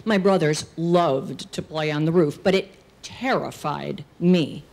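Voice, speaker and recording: A middle-aged woman performing a personal story on stage, acting out characters' shouts. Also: sits low, slow, gravelly. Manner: animated, acts out characters' shouts. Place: stage at a live storytelling show.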